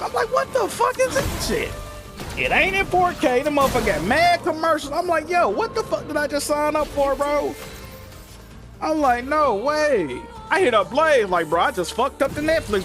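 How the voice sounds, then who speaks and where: A man on a gaming stream rants at length, his voice sitting high for a man. His talk is loose, profane and full of slang. Game music runs behind him throughout. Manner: animated, profane, slangy storytelling. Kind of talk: casual rant on a gaming stream. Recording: music playing in the background.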